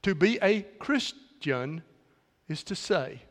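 A man preaching a sermon, with dramatic pauses and shifts between loud and soft passages. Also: fairly high pitch, lively intonation. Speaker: pastor. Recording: long hall reverb.

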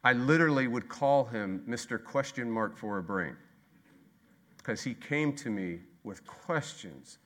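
Brief: male pastor, 30s, bright forceful tone, sermon with sharp swings between shouting emphasis and soft, slow lines. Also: mid-range voice, expressive. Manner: swings from loud emphatic repetition to quiet, slow delivery.

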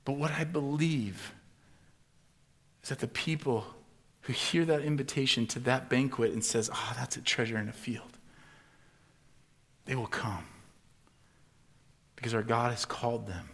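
A man preaching a sermon as pastor, acting out the voices of the people he quotes and swinging from loud to hushed. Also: medium pitch, normal speed, pauses often, slightly rough.

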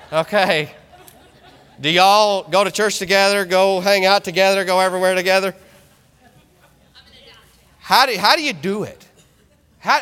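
Animated preacher in a reverberant church. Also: male voice, high-pitched. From small ranching town. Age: 30s. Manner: animated, joking asides to the congregation. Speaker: pastor. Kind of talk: sermon. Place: church sanctuary. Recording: long reverb of a church hall.

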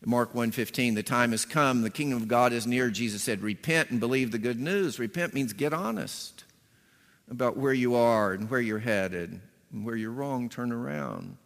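A man's voice: mid-range voice, normal speed, creaky, fairly bright tone. A man preaching a sermon as a pastor, telling stories and acting out voices with punchy emphasis. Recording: long hall reverb.

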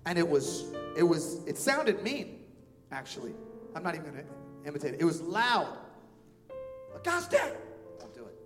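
A man in his thirties preaching a sermon as pastor, emphatic, repeating phrases and swinging between soft and loud delivery. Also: a little high, very animated, normal speed. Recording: reverberant hall with faint music.

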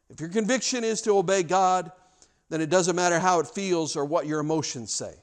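Man, pastor, sermon, earnest, stammering restarts, fairly high voice. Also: brisk.

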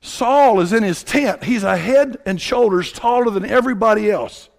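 Man, preacher, high-pitched, gravelly, folksy sermon, animated, bursts of shouting. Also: normal speed. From Tennessee.

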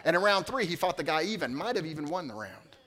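Middle-aged guy preaching, kinda highish voice, goes quiet then loud, big hall echo. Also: very animated, quick pace. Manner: conversational preaching, swings from hushed to loud. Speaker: pastor. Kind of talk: sermon. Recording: long hall reverb.

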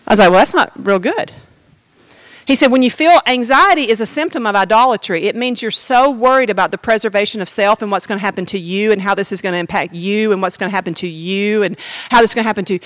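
A woman's voice: mid-range voice, quick pace, no echo. A woman giving a personal testimony as a sermon, talking straight to the congregation in a conversational way. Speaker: preacher.

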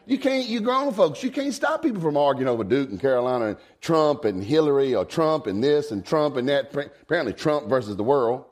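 A man, preaching a folksy sermon. He swings from low asides to high, emphatic exclamations. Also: animated, brisk, few pauses, a little mellow. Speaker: pastor.

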